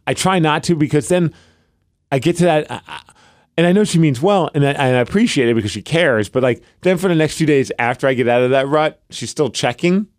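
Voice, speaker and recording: A man in his thirties co-hosts a podcast, speaking fairly quickly in a fairly high, darkish voice. The recording is dry and studio-clean as he tells rambling, self-deprecating stories in casual conversation.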